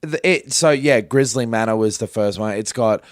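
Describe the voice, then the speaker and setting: A man's voice: lowish voice, normal speed, no echo, clean studio sound. A man co-hosting a casual podcast chat, laid-back and laughing often, who swears freely and is coming down with a cold. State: getting sick, short on sleep. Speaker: podcast co-host. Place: in the UK, away from his Melbourne home.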